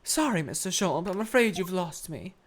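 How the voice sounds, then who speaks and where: Her voice is fairly low with lively intonation at normal speed, near her natural one, and there's slight background noise. The woman reads game dialogue as an anxious, genteel middle-aged Victorian wife, prim, fretful and overly formal, in a put-on Southern belle–British hybrid accent.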